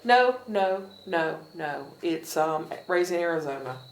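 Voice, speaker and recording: A woman co-hosting a casual outdoor chat, tossing in quick, wry remarks. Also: low voice, lively intonation, echoey room, a little hiss or hum, poor audio. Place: outdoors at a state park by a river.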